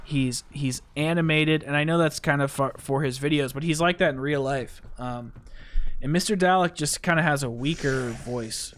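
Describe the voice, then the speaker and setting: A man's voice: a little high, normal speed, a bit bright, slight background noise. A young American man chatting casually and rambling as a gaming podcast host. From United States. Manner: rambling, chatty, laughs often. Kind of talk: casual chat while playing a game.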